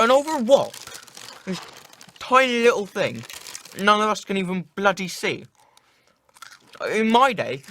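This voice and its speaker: A man's voice: fairly high pitch, bright, forceful tone, a little hiss or hum, heavily acted. A young man in a school play, playing a grumbling, sarcastic working man with old-fashioned views, in a monologue.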